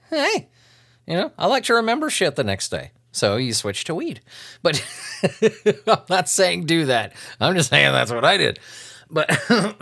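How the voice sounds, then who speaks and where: A man's voice: fairly high pitch, a bit bright. A man hosting a comedy podcast, reading weird news with crude, sarcastic commentary and frequent laughter. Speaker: podcast host.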